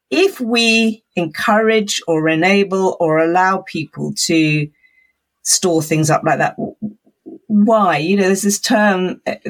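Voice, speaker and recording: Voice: medium pitch, husky. An expert guest in a conversational interview, explaining at length in a thoughtful, rambling way.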